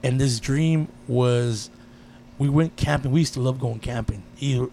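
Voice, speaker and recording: A man in casual chat, telling a personal story with lively energy and frequent swearing. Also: medium pitch, a little slow, slight background noise. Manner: animated storyteller, swears freely.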